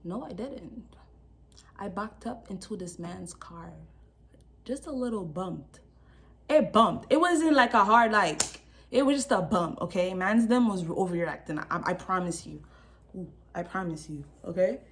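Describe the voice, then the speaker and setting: A young woman telling a casual storytime vlog, animated and full of slang, acting out quotes with laughs. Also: mid-range voice, a little slow, a little hiss or hum. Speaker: vlogger.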